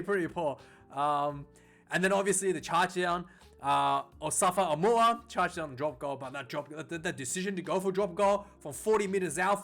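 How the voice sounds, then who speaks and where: A man's voice: sits high, a bit bright. A man hosting a casual rugby news vlog, rambling, with frequent restarts and repeated words.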